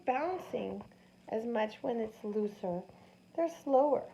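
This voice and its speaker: Animated woman teaching children science. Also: fairly high pitch, takes it slowly, creaky, soft background music. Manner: animated, sing-song, asks the children questions. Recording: dull lo-fi sound with faint noise.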